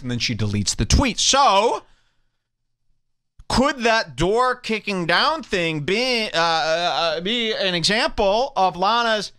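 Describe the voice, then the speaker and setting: A man's voice: high voice, a little slow. A man hosting a podcast, riffing crudely and mockingly on clips he plays. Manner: crude, mocking, lively banter. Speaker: podcast host. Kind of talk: riffing commentary on played clips.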